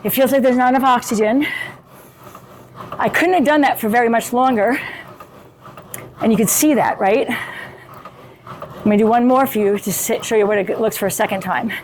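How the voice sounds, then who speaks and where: A middle-aged woman coaching fitness in a loose, conversational way, with a voice pitched a little above most women's. She talks while working out on an exercise bike and keeps checking in with the viewer. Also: moderate pace, long pauses, slight background noise. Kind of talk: casual instructional talk while demonstrating on an exercise bike.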